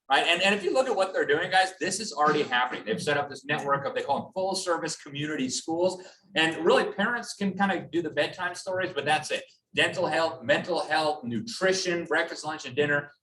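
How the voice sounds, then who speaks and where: A man's voice: mid-range voice, a bit bright. A man lectures a gathered audience in a large room that rings with echo. He is caught from some way off the mic, over faint background noise, and he talks emphatically with a sarcastic edge. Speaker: speaker at a public talk. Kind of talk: public lecture with slides. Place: hall with an audience. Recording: echoey hall, from a distance.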